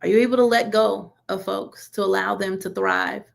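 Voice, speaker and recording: A woman's voice: medium pitch, moderate pace, creaky. A woman leading a church teaching session in a conversational sermon style, informal and colloquial, asking listeners one rhetorical question after another. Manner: colloquial, relaxed grammar.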